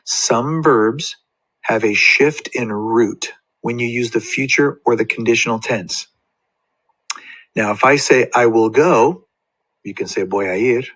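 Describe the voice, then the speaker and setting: A man's voice: medium pitch, measured pace, fairly bright tone, low-quality recording. A man who teaches Spanish explains verb tenses to his students, patiently acting out short example dialogues.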